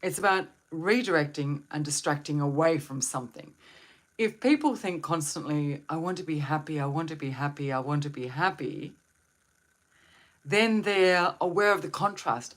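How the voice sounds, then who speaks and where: With a deep voice at normal speed, a woman leads a live stream on wellbeing. As a meditation and wellbeing host, she speaks to her audience in a calm, reflective way and asks them questions.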